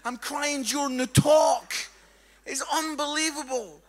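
High-voiced, animated preacher man. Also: a little slow. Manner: animated storytelling with comic impressions. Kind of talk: humorous sermon. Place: church hall with congregation.

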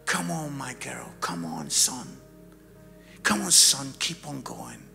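A man's voice: medium pitch, big pitch swings, slow, gravelly, bright, forceful tone, soft background music, voice pushed down, full character voice. A man voicing a coaxing, encouraging God. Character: encouraging God the Father, gentle and warm.

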